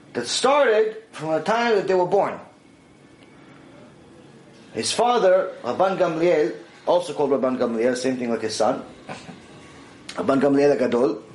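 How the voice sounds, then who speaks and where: A man teaching a religious class, telling a story with lively delivery and acting out its dialogue. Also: fairly high pitch. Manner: animated, acts out dialogue in quoted voices. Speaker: Torah teacher. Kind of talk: storytelling lecture. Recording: roomy echo.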